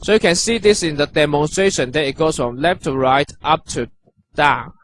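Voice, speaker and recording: A man teaching characters and their pronunciation, patient and encouraging, repeating each sound slowly. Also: fairly high pitch, expressive, a little hiss or hum. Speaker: language teacher. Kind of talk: instructional narration.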